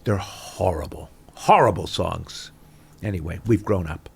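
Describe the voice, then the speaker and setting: Older male actor, gravelly and husky, animated raconteur with a low voice. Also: measured pace. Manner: expressive, swings loud and soft, acts out voices. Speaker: actor, podcast guest. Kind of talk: animated anecdotal storytelling.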